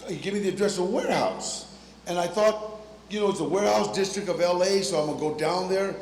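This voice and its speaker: An older man telling animated, slangy personal stories to an audience. He laughs often as he talks. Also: high-pitched, fast talker. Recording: echoey hall, faint room noise.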